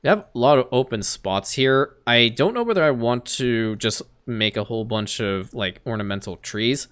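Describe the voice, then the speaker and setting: A man giving casual let's-play commentary on a strategy game, excitable, talking to the game characters and laughing often. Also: medium pitch, moderate pace, clean tone. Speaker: gaming YouTuber.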